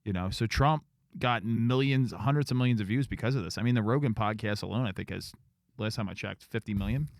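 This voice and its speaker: A man co-hosting a casual podcast, laid-back and blunt with wry asides. His voice sits low, and the recording is close and dry with no room echo. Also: brisk, gravelly. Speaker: podcast co-host.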